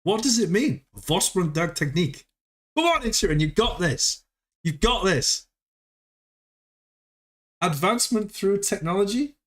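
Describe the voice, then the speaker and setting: A man's voice: high voice, lively intonation, unhurried, long pauses, fairly bright tone. A man hosting a casual livestream, playfully quizzing a viewer on foreign phrases and cheering him on. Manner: playful, teasing quizmaster who coaxes viewers. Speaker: host.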